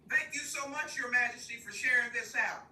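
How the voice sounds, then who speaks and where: An older woman giving life advice on a livestream from a park, talking to her audience in a lively, folksy way with lots of laughter. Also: on the high side, fairly quick. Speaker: guest speaker. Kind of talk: casual livestream talk. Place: outdoors at a park. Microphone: phone held while walking. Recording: roomy, distant phone audio with faint ambience.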